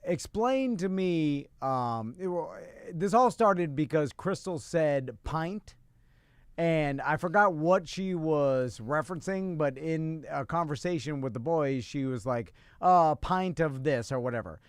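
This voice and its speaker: High-pitched excitable man telling a story. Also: measured pace, clean tone, dry recording, studio quality. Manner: rambling storyteller, excitable and laughing. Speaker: radio show co-host. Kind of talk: casual banter.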